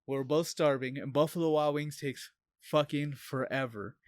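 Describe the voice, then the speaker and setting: Profane, animated man with a higher voice. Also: normal speed, no echo. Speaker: podcast co-host. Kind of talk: casual chat.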